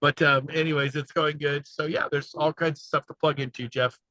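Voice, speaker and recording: A man talking with high energy and excitement on a video call from the passenger seat of a car, rambling and fired up. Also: a little fast, no room sound, poor audio. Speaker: guest speaker, real estate agent coach.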